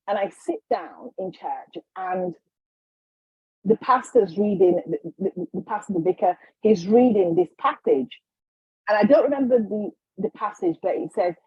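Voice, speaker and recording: A slightly husky woman telling a personal story, chatty and animated, with quick restarts and acted-out quotes. Her voice sits at a middle pitch, heard dry and a little dull on the recording. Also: no room sound. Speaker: guest, healer. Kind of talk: casual storytelling.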